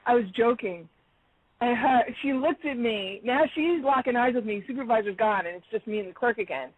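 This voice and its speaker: A woman caller telling a story in a casual, animated way, acting out the dialogue and laughing often. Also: fairly high pitch, a little fast. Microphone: phone. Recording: tinny phone line.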